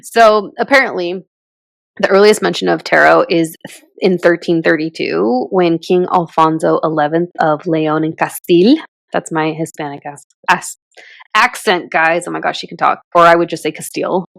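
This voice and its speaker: A woman's voice: lowish voice, steady tone, normal speed, vocal fry, fairly bright tone, no echo. A young woman from Southern California co-hosting a casual podcast, talking in a chatty way with lots of fillers and laughs. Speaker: podcast co-host. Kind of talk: casual chat.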